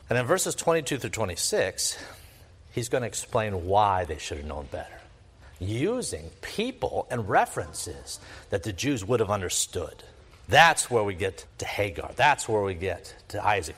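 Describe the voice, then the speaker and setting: A man's voice: lowish voice, fairly bright tone, slightly rough. A man preaching an expository sermon, emphatic and repetitive, with frequent rhetorical questions. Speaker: pastor. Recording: long reverb of a large hall.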